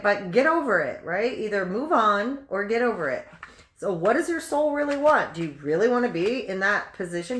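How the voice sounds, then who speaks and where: A woman's voice: medium pitch, a bit bright, reverberant. A woman giving a casual tarot reading at her table at home, chatty and blunt, firing off rhetorical questions and calling the listener honey. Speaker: tarot reader.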